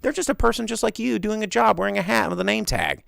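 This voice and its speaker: A man's voice: sits high, quick pace, vocal fry, dry recording, studio quality. A young man hosting a live solo movie podcast, ranting casually and acting out voices with many restarts. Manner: animated storyteller who acts out voices, many restarts. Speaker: podcast host.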